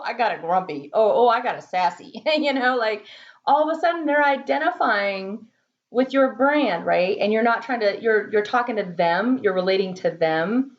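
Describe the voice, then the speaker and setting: A woman's voice: medium pitch, muffled recording. A woman marketing consultant talking casually in a vlog from her home office, chatty, laughing often and repeating words for emphasis.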